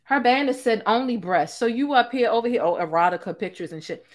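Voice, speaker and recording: A young adult woman hosting a live-stream, ranting in a sassy, profane, animated way with asides to her chat. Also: on the high side, brisk. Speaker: host.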